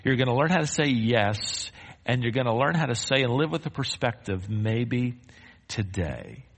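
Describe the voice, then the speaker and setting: A man's voice: medium pitch, brisk. A male pastor preaching a sermon with emphasis, leading his congregation in call-and-response and then praying. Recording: long reverb of a large hall.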